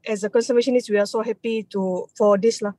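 A woman with a Malaysian English accent, president of a conservation group, speaks hesitantly as a radio guest, with pauses and restarts. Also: mid-range voice, fairly even intonation, mellow, no echo, low-quality recording. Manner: hesitant, many fillers and restarts.

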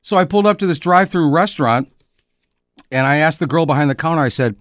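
A man's voice: fairly high pitch, lively intonation, fast talker, fairly bright tone, no room sound. A middle-aged man, a former soccer player, telling jokey stories as a guest in a casual podcast chat. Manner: jokey storyteller with a dry, easygoing delivery.

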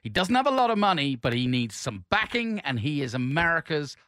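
A man's voice: fairly high pitch, sing-song, brisk, a bit bright, no echo, clean studio sound. A man co-hosting a talk show, bantering and laughing. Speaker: co-host.

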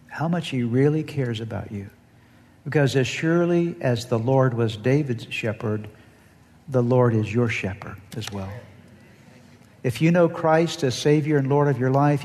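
A man's voice: medium pitch, darkish tone, long reverb tail. A male pastor preaching an earnest sermon and leading the congregation in call-and-response.

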